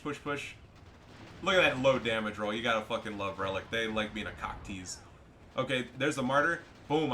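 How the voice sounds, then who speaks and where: A young man giving casual, profane, excitable commentary over his own strategy game match. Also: mid-range voice, a little hiss or hum. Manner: profane, excitable, trash-talking. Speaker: gameplay commentator.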